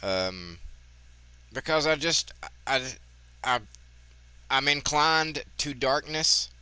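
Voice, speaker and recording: A gaming channel host with a twangy Southern drawl rambles through casual gameplay commentary, candid and swearing freely. His medium-pitched voice is expressive, pushed and bright, and smooth, delivered slowly with no echo.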